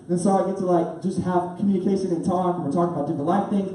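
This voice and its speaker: A young man telling a story in a youth sermon, animated and laughing, full of "like" fillers. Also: sits high, rapid-fire, few pauses. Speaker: youth pastor. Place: church youth room. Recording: very echoey room, speaker far off.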